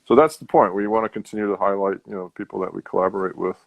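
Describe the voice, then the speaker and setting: A man's voice: fairly low pitch, steady tone, very fast, gravelly, dry recording, low-quality recording. A man, a tequila brand founder, chatting as a podcast guest in an easygoing, rambling way. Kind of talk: casual podcast chat.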